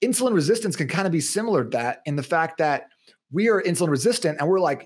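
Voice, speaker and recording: A man in his thirties talks as a guest on a podcast interview. His voice sits a little high for a man. He explains health topics with animated energy and slips into voices when he quotes people. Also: rapid-fire. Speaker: fitness and nutrition guest.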